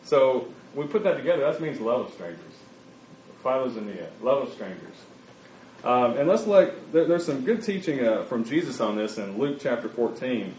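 A man preaching a sermon, talking in a conversational, halting way with many fillers and restarts. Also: medium pitch, sing-song, darkish tone, distant mic, a little hiss or hum. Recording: echoey, dull room recording.

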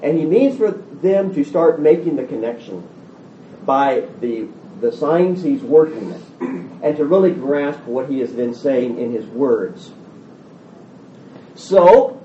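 Male pastor, high lively voice, mellow tone; sermon heard from a distance in a roomy hall. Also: slow pace, slight background noise. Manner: animated, acts out the disciples' voices. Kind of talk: expository Bible sermon. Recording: roomy, distant, dull sound.

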